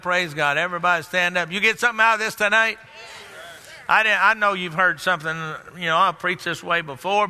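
A man's voice: sits high, bright, forceful tone, long reverb tail. An older man preaching a sermon in a church, repeating phrases for emphasis and building to exclamations. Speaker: pastor.

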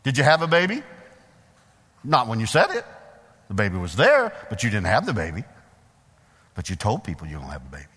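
A middle-aged male preacher giving a sermon in a church, folksy and animated, putting questions to the congregation. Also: lowish voice, fairly quick, pauses often, husky. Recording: long hall reverb.

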